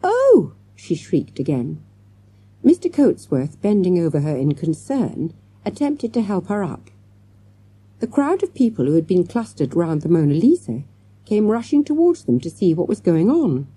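A woman narrating a children's audiobook with lively storytelling and many character voices. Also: on the low side, moderate pace, husky, no room sound.

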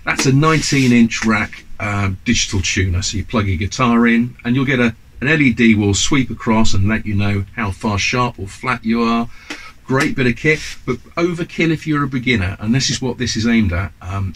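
This UK guitar teacher, in his fifties, talks casually to camera, enthusiastic and chatty, with plenty of ums and side remarks. His medium-pitched voice is a bit bright and moves at a moderate pace. A little hiss or hum comes through on a low-quality recording.

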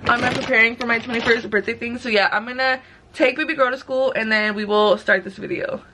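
A twenty-year-old woman chatting casually to her camera in a vlog, rambling and excitable, filling her talk with "like" and "literally.". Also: a little high, fairly quick, noisy background. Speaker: vlogger and nail tech. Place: at home, then in a car at a drive-thru.

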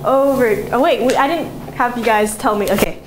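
A woman's voice: fairly high pitch, moderate pace. A teenage girl giving a student presentation to her classmates, taking them through words and asking them to repeat after her. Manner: instructive, leads repeat-after-me drills. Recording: echoey classroom with noise.

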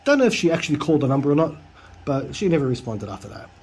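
A man with a husky, slightly raised voice tells a casual story to his viewers. He reads chat messages aloud with dry, deadpan sarcasm and mimics the replies in a higher voice. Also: rapid-fire. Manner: mimics the scammers' lines in a higher voice. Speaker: youtuber.

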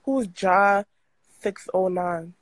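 A woman's voice: medium pitch, no echo, poor audio. A young woman arguing bluntly and defiantly as a guest on a livestream. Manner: blunt, defiant, fast-talking. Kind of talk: livestream argument.

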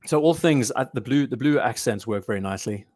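A man's voice: mid-range voice, lively intonation, quick pace, darkish tone, no room sound. Chatty male host, dry close sound. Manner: chatty, thinks aloud, reads chat comments. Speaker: watch channel host. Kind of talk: casual livestream commentary.

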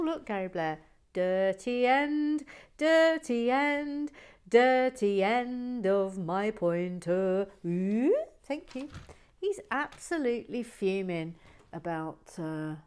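A woman's voice: on the low side, a little hiss or hum. A woman chatting casually while she builds a toy set and reads out viewer comments, teasing and giggling as she goes. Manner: playful, teasing, giggly asides.

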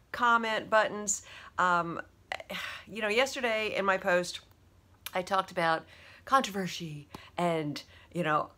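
Bright-voiced tearful woman vlogger. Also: medium pitch. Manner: hesitant, with many fillers and restarts. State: teary. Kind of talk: emotional personal confession.

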